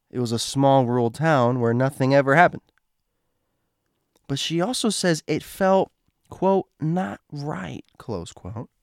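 Slow-reading man with a dry voice. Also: a little high, no echo. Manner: stumbles over words and adds asides. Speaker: host reading a story post. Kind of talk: reading a creepy true story aloud.

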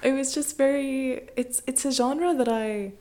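A woman's voice: high voice, unhurried, mellow, slight background noise. A woman co-hosting a podcast in casual chat, laughing often as she talks. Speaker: podcast co-host.

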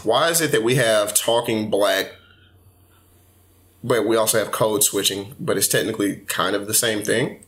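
A man's voice: fairly low pitch, moderate pace, a bit bright. A man hosting a casual podcast chat, steering topics in a loose, chatty way.

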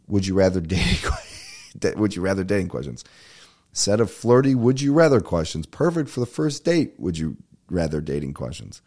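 A man's voice: low voice, mellow. A young man hosting a comedy podcast, rambling and swearing in a laid-back, casual way. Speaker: podcast host and stand-up comedian. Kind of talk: casual solo podcast chat.

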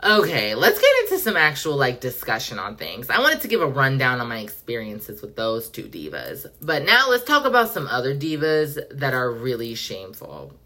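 A woman's voice: rumbling low, wildly swooping pitch, normal speed, hardly any pauses, sharp tone. A woman hosting a podcast, ranting in a sassy, profane, slang-heavy way. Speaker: podcast host. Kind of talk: casual pop-culture rant.

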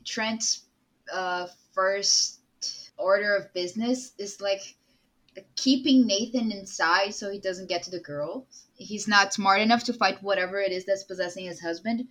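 A woman's voice: medium pitch, a little slow, fairly bright tone, poor audio. A woman playing a tabletop role-playing game, describing her character's actions hesitantly with many fillers. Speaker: player.

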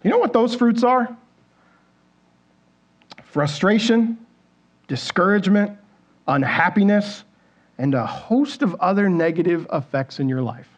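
On a church stage, a pastor with a high, expressive voice preaches slowly and pauses often. His sermon is conversational: he poses questions to the congregation and acts out the voices inside people's heads.

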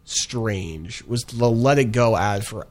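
A man's voice: fairly low pitch, slow pace, a little mellow. A young man chatting casually about ads he has seen, rambling with plenty of fillers and restarts. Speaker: co-host reviewing ads. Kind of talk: casual chat.

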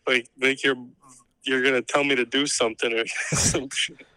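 A man's voice: medium pitch, level tone, normal speed, bright, forceful tone, clear, resonant tone, dry recording. Giggly man on a phone call. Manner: giggly, laughing through his words. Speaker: phone-in guest. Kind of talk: casual phone chat.

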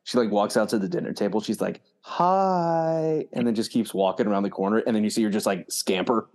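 A man's voice: on the low side, quick pace, darkish tone. Laid-back man recapping a show. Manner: laid-back, quotes characters. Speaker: podcast co-host. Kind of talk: casual TV recap chat.

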